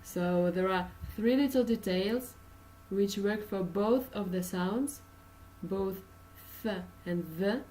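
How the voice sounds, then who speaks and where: Slow Russian-accented woman teaching English. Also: mid-range voice, mellow, far from the mic, a little hiss or hum, rough recording. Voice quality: frequent uh and um fillers, patient explaining. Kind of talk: pronunciation lesson.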